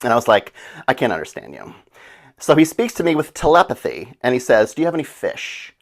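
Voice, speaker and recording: A man's voice: medium pitch, huge pitch swings, brisk, creaky, heavily acted. A man playing a brash, chatty woman named Gladys, telling her disaster story as a breezy, flippant comedic monologue.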